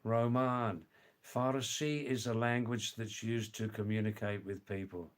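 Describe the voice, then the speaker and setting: A man, hosting a casual livestream and chatting slowly, mixing in words from other languages. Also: on the low side, steady tone. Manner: slow, chatty, sprinkles words from several languages. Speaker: livestream host.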